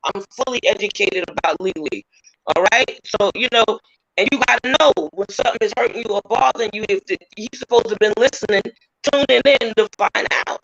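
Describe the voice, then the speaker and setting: A man's voice: high-pitched, a little fast, creaky, fairly bright tone, no echo. A host talking casually and emphatically, affirming his guest with informal speech. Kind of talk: supportive casual talk. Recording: dry dull lo-fi audio.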